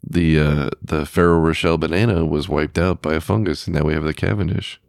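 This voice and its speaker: A man's voice: a bass voice, fairly even intonation, fairly quick, vocal fry, no room sound, clean studio sound. A man hosting a podcast, chatting casually with lots of fillers and restarts. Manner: rambling, many fillers and restarts. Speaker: podcast host. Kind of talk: casual chat.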